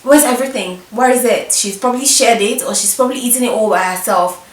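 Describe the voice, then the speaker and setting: A young woman telling a mischievous story from her school days in an animated, emphatic way. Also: on the high side, fast. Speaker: vlogger. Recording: roomy echo, distant mic.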